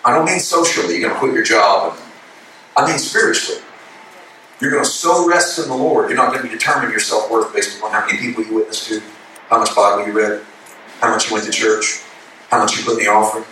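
A man's voice: lowish voice, fast talker, a little hiss or hum. Man preaching in an echoey church. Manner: builds from calm teaching to shouted passionate preaching. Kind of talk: sermon. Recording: echoey hall from a distance.

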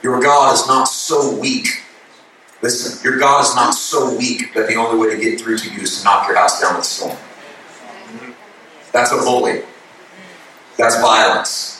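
A man preaching a sermon, building from calm teaching to shouted, passionate preaching. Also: on the low side, moderate pace, a little hiss or hum. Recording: echoey hall from a distance.

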